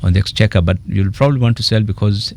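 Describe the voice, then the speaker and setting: A low-pitched man with a Kenyan accent and a gravelly, creaky voice. He speaks as a guest economist on a radio interview and tells animated stories with quoted asides. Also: fast talker.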